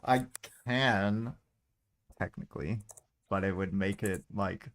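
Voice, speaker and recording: A man's voice: fairly low pitch, takes it slowly, slight background noise. A man hosting a live stream, laid-back and teasing, laughing often between remarks. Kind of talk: casual live-stream chat.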